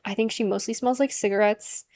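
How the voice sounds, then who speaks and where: Woman vlogging about perfumes, chatty, lots of likes and ums, mid pitch. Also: fairly even intonation, brisk, darkish tone, no room sound. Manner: chatty, many "like" and "um" fillers. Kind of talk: casual vlog monologue.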